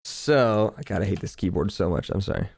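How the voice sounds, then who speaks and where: A man in a relaxed, chatty manner, narrating a tabletop game as game master. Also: low-pitched, brisk, creaky. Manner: relaxed, chatty, laughs easily.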